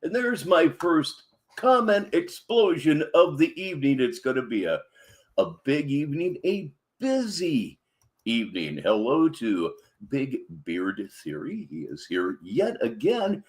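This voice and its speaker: A male livestream host talks in a slow, deliberate way. His voice sits a little high and rises and falls a lot. The delivery stays wry and sarcastic throughout. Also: very animated. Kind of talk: livestream commentary.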